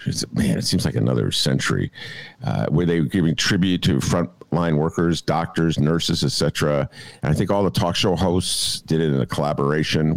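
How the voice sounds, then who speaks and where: A man's voice: a bass voice, vocal fry, no echo. A man hosting a podcast, talking in a rambling, casual way with lots of fillers as he tells stories and riffs on the news. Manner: rambling, animated storyteller with many fillers. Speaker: podcast host. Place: apartment.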